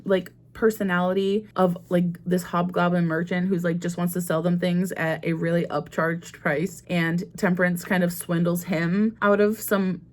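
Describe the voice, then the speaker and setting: A woman's voice: fairly low pitch, level tone, moderate pace, hardly any pauses, darkish tone. A young American woman chatting casually on her book vlog, rambling and often laughing at herself. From United States. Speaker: book vlogger. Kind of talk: casual chat.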